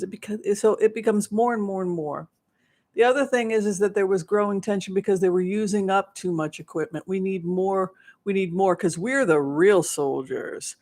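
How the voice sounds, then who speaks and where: Rambling psychic host, mid-pitched. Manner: rambling with restarts and acted-out quotes. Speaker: psychic remote viewer. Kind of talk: live question-and-answer monologue.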